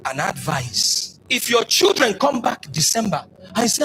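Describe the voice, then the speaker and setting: Impassioned Nigerian man, high and lively. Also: unhurried, faint music behind, poor audio. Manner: emphatic and preachy, swings from loud to hushed. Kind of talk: impassioned public speech.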